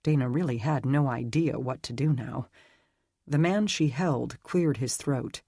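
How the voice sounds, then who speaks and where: A man narrating a dark fantasy audiobook in a measured, slow dramatic reading. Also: medium pitch, creaky, husky, dry recording, studio quality. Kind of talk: scripted narration.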